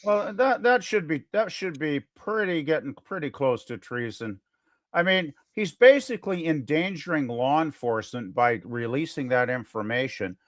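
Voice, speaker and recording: In clean, echo-free studio audio, a podcast co-host chats casually, his speech full of fillers and restarts. His voice is a little high and expressive, at normal speed.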